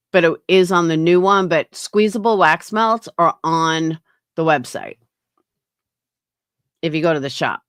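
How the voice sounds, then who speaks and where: A woman's voice: on the low side, a bit bright, smooth, no room sound, clean studio sound. A woman hosting a casual livestream, talking bluntly with frequent swearing and answering her chat. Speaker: livestream host.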